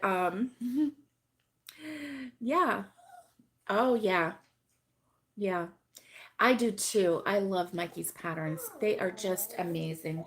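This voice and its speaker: Hosting a laid-back crochet live stream, a middle-aged woman laughs often and chats with viewers by name despite a voice still hoarse from being sick. Her mid-range voice has a bit of brightness to it.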